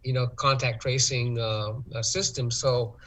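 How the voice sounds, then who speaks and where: Male guest, measured and hesitant delivery, average pitch. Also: flat delivery, fairly bright tone, poor audio. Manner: hesitant, lots of ums and uhs, measured. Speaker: interview guest, tourism official. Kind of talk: talk-show interview.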